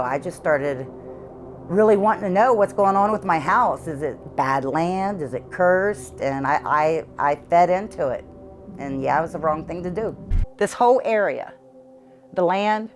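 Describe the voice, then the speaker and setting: Middle-aged woman, low voice, earnest and halting, interview testimony from her own home. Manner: halting, repeats words, earnest. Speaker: homeowner interviewed about hauntings.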